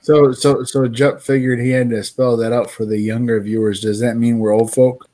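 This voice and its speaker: A man co-hosts a casual live stream in an affable, agreeable way. He relays comments from the chat and chimes in with quick replies. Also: mid-range voice, flat delivery, mellow. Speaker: co-host reading the chat.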